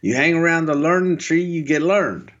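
A man co-hosting a podcast in casual banter, gruff and joking, swearing freely. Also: a little high, moderate pace, fairly bright tone, highs cut off. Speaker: podcast co-host.

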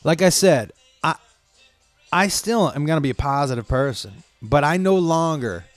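A man's voice: on the high side, lively intonation, normal speed, no echo. A man delivering an angry, profanity-heavy, stream-of-consciousness rant to his viewers. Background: faint music playing.

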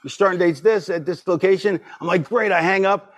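Animated middle-aged man telling stories. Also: high-pitched, fairly quick. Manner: animated storyteller, acts out quoted voices. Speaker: podcast guest. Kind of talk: casual storytelling.

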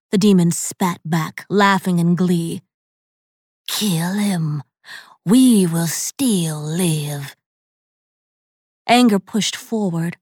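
Woman reading a story slow and steady, super dry close studio sound. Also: fairly low pitch, no echo. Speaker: audiobook narrator. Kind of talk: scripted narration.

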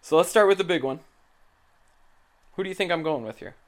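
A young man hosting a casual sports chat, teasing his co-host with quick laughs. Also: fairly high pitch, lively intonation. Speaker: podcast host.

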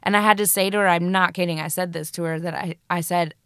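Chatty American woman, smooth voice. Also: on the low side, steady tone, fast talker, fairly bright tone, no echo, studio quality. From United States. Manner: bubbly, chatty, lots of fillers and laughs. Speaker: guest, Broadway actress. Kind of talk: casual interview chat.

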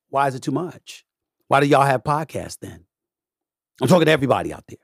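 A middle-aged man holds forth on his podcast with a slightly husky voice, hammering home points through repetition and pointed emphasis. His delivery swings from booming to hushed while staying preachy and forceful. The sound is dry and close, with no room around it. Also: expressive, a little fast, no echo. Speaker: podcast host. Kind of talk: impassioned monologue.

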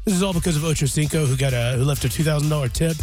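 Radio host, male, high voice, joking and self-deprecating, background music. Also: racing, a little mellow. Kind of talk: casual radio banter.

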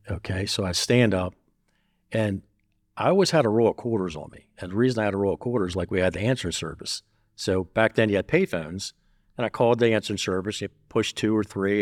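A man's voice: on the low side, dry recording, studio quality. An older man telling stories bluntly and with a lot of swearing, acting out what people said. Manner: blunt and profane, telling stories with quoted dialogue. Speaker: interview guest. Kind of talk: casual storytelling.

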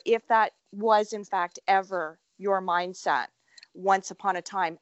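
A woman hosting an interview, warmly affirming her guest and asking long, winding questions. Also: mid-range voice, no echo, muffled recording. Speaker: interviewer host. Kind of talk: interview conversation.

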